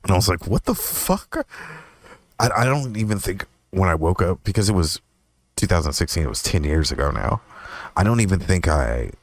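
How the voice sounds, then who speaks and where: A young man hosting his own podcast, telling a personal story in a rambling, profane way, laughing often and jumping into a higher voice when he quotes himself. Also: lively intonation, fairly quick, no echo. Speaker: podcast host. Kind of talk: casual storytelling monologue.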